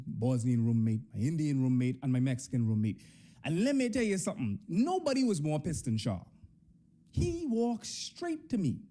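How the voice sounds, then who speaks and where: Young Bahamian male storyteller, animated delivery, warm dark tone. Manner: animated, swings between high and low pitch. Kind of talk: comic personal storytelling.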